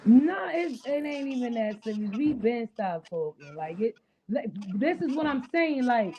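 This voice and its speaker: A woman's voice: on the high side, lively intonation, measured pace, mellow, slight background noise. A woman hosting a livestream, talking bluntly and outspokenly in casual chat. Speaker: livestream host. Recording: dull lo-fi stream audio.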